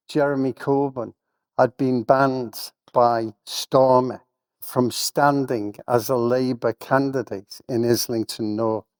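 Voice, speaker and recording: An older man with a Liverpool accent, speaking with rising passion and then reading a poem aloud at a festival event. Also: dry recording. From England. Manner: impassioned, building to a rousing pitch. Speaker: guest speaker reading poetry.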